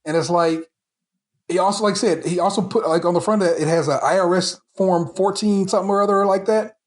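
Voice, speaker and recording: A man's voice: high voice, steady tone, fast talker. A man hosting a casual podcast chat, ranting with heated, profane frustration and stumbling restarts. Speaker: podcast host.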